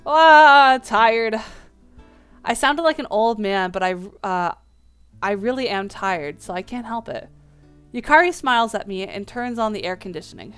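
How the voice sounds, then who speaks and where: A woman's voice: mid-range voice, expressive, normal speed, fairly bright tone, clean tone, faint music behind. A woman playing a dating game and reading its text aloud, with small slips and playful asides. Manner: reads lines with small slips and restarts.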